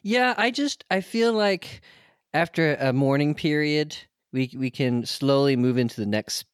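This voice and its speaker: A man's voice: on the high side, animated, unhurried, clear, resonant tone, no echo, studio quality. A man co-hosting a tabletop game podcast, rambling loosely about moving on to the next phase. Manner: giggly, rambling. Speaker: co-host and player. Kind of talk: casual podcast banter.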